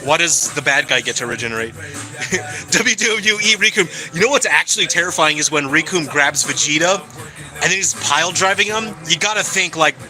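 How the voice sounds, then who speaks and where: A man's voice: on the high side, animated, normal speed, pushed and bright, soft background music, low-quality recording. A man chatting casually and cheerfully on a live stream, answering his viewers as he goes. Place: hangout spot in California.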